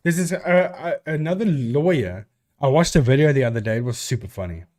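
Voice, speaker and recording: A man's voice: mid-range voice, animated, fairly quick, a little mellow. A man from South Africa with a South African accent, a live stream host chatting casually and answering viewers with rambling restarts.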